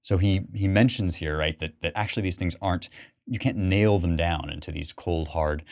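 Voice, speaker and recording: Low-voiced man giving a thoughtful literature lecture. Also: moderate pace. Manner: thoughtful, explanatory, often asks "right?". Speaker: podcast host and lecturer.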